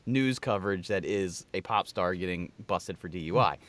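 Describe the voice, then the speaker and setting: A man's voice: deep voice, moderate pace, a bit bright. A man co-hosting a podcast in loose, rambling, profane casual chat. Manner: loose, rambling, swears freely. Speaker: podcast co-host.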